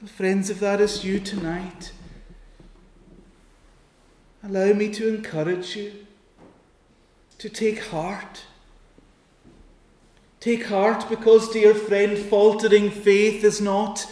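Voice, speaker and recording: Male preacher, high and even voice, slow earnest pleading sermon, roomy echo. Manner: earnest, pleading, with dramatic pauses and quoted prayers.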